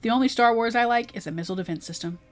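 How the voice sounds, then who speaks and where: A woman's voice: on the high side, very fast, soft background music, close to an everyday voice. A woman voicing a grumpy, old-fashioned man stuck in a bin, talking in a snappish, cranky way.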